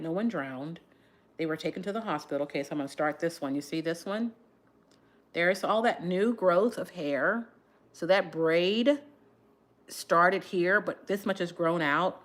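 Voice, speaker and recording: A woman chatting casually on her livestream, telling a story while doing her hair, with an animated, lively delivery. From Texas area. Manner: animated storyteller, shifts to high voice when quoting shouts. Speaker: livestream host.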